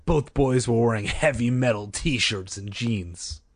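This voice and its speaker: A man narrating an audiobook with expressive storytelling. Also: mid-range voice, measured pace, dry recording, studio quality. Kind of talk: audiobook reading.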